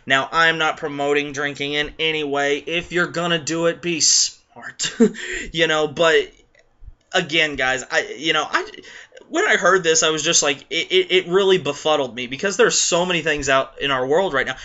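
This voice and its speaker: A man's voice: fairly high pitch, moderate pace, sharp tone, dull audio. A man rambling through a casual video rant, with many restarts and fillers. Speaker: vlogger.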